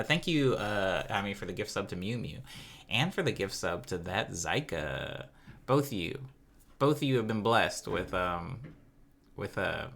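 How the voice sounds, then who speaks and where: A man's voice: fairly low pitch, gravelly, fairly bright tone. A man hosting a live stream, chatting casually, joking and reacting to his chat. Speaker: livestream host.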